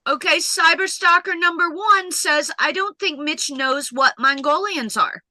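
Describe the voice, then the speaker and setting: High bright-voiced woman reading out chat msgs, teasing, dry close sound. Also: unhurried, dry recording, poor audio. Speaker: stream co-host reading chat. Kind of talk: reading chat messages aloud.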